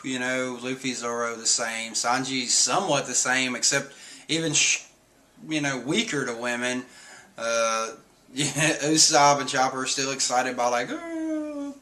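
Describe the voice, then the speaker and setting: A man talks through a manga chapter in a loose, rambling way, padding his sentences with fillers and reading out character lines along the way. His voice is bright and forceful at a middling pitch. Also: steady tone, a little slow. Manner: rambling, filler-heavy, often reads and acts out character lines. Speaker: streamer recapping a manga chapter. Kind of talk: casual recap.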